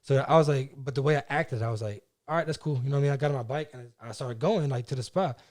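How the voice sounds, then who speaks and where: A young man with a New Jersey accent tells his story on a podcast. He talks in a loose, slangy way, with "like" in almost every line. His voice sits at an ordinary middle pitch. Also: fast talker. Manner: animated, slangy, heavy use of "like" and "you know what I mean". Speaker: podcast guest. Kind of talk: casual storytelling.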